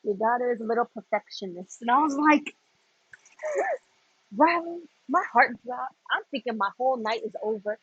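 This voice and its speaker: Husky woman telling stories on a stream. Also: on the high side, moderate pace, no room sound, muffled recording. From Florida. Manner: animated storytelling with laughs. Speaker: livestream host. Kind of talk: casual chat while working.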